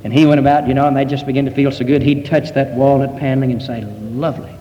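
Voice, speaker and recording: A male preacher giving a sermon, slow and emphatic, with many rhetorical questions. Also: mid-range voice, flat delivery, dark tone, long reverb tail, highs cut off, a little hiss or hum.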